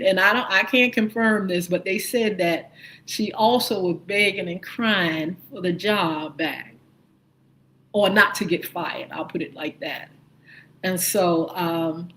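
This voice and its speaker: Woman host, unhurried chatty news commentary, opinionated, plenty of filler words, questions to the viewers. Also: mid-range voice, low-quality recording. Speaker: morning show host.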